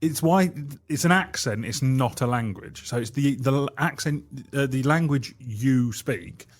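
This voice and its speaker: A man co-hosting a radio chat show, explaining things casually and laughing at himself. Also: medium pitch. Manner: explaining, self-deprecating, quick to laugh.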